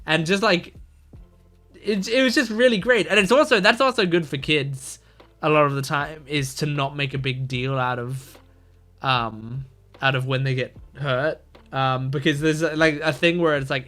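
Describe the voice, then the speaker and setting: A man's voice: a little high, moderate pace, fairly bright tone, soft background music. A man hosting a reaction video, talking through his thoughts casually with lots of fillers and restarts. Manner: rambling, filler-heavy, thinking aloud.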